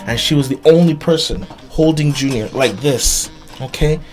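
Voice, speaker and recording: A man telling a personal story to his viewers in an earnest, halting way, with many restarts and repeated words. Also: on the high side, a little mellow, soft background music. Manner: earnest, emphatic retelling. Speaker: vlogger.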